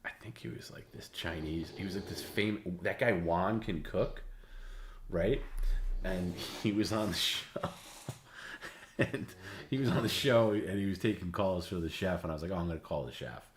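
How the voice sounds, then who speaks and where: A man with a very low, deep voice hosts a livestream and tells stories in a loose, casual way. He rambles, stops and starts, and repeats his words as he goes. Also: moderate pace, a little hiss or hum. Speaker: livestream host. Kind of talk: casual storytelling.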